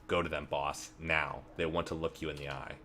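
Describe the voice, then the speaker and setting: A man's voice: very deep voice, little pitch movement, a little fast, pushed and bright, slight background noise, full character voice. A man reading aloud the lines of an earnest, troubled young male doctor in a game. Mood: urgent. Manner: reads game dialogue aloud, urgent.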